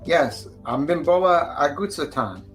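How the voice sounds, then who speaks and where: A man's voice: fairly high pitch, lively intonation, unhurried, fairly bright tone, faint music behind, low-quality recording. An older man, a guest on a podcast, recounting his past in an easygoing storytelling way. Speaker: guest, Tesla author.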